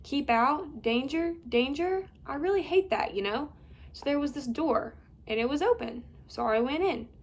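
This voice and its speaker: A woman's voice: lively intonation, normal speed. A woman doing a bratty, sarcastic schoolgirl. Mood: grumbling. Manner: loud, high, snappy and complaining.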